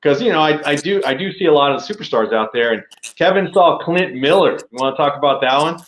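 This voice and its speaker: A man's voice: fairly high pitch, lively intonation, quick pace, fairly bright tone, slight background noise. A man co-hosting a casual podcast, telling stories eagerly with lots of fillers. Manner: enthusiastic storytelling with fillers. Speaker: podcast co-host. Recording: roomy echo.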